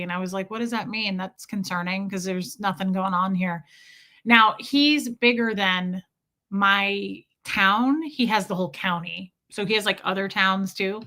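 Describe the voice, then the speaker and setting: Chatty and animated, a livestream host retells a story, pausing mid-story to thank viewers in this casual stream. She speaks in a mid-range voice at a moderate pace.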